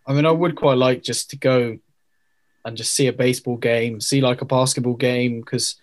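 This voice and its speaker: A man's voice: mid-range voice, steady tone, normal speed. A young man from the UK chatting casually, hesitant and fond of tag questions. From United Kingdom. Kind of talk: casual chat.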